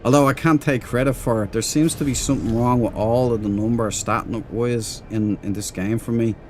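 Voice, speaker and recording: This man's medium-pitched voice is fairly even in intonation and brisk, with a little hiss or hum in the audio. While streaming a game, he rambles chattily with his viewers, laughs easily, and reads and responds to the chat as casual live-stream talk.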